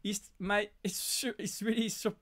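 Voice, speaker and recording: A man from France with a French accent, whose first language is French, hosting a casual live Q&A and talking in halting bursts full of restarts. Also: high voice, little pitch movement, fairly bright tone. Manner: halting, frequent restarts and fillers. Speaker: live stream host.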